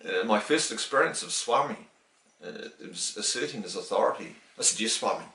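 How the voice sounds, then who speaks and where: A middle-aged man from New Zealand tells a story in a casual interview, his voice on the low side. He acts out the lines he quotes, with restarts along the way. He sits away from the mic, and the room echoes around him. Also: fairly quick. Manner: animated, acts out quoted dialogue, many restarts. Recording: roomy, distant from the mic.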